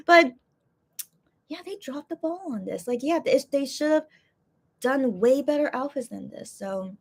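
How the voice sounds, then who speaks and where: A woman's voice: high voice, measured pace. A congested woman hosting a casual chat, rambling through her opinions and reading out viewer comments with many fillers and restarts. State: congested, coughing. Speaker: host reacting to concept photos.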